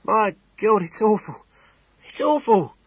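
A man doing a shrill, panicked little innkeeper. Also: very animated, slow pace, slightly rough, no room sound, exaggerated voice. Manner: breathless, shrill, stammering with alarm.

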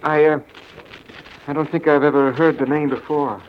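Guy doing a jittery stammering man, a bit high, old radio sound. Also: steady tone, normal speed, slight background noise, lightly acted. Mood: nervous. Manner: hesitant, stammering. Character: nervous, jumpy man. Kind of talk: 1940s radio acting. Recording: dull old radio recording.

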